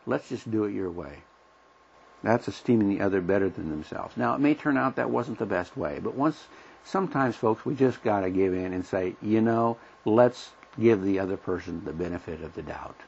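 Middle-aged guy teaching bible study, folksy, gravelly low voice, kinda muffled lo-fi sound. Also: expressive, normal speed, a little mellow. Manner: folksy, plain-spoken, acts out everyday dialogue. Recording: dull lo-fi recording.

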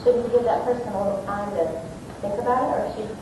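A woman's voice: mid-range voice, steady tone, fast talker. A woman in a church class asking a hesitant, chatty question. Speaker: class member. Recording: distant, echoey room with noise.

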